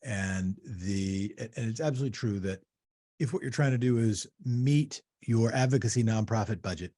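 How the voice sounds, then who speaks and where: A man's voice: lowish voice, normal speed, warm tone. Probing male podcast host. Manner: conversational, probing, often restarts phrases. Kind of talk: podcast interview.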